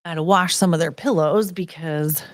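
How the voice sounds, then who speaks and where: A woman's voice: fairly low pitch, normal speed, no room sound. A woman livestreamer chatting casually in a rambling way, with lots of fillers.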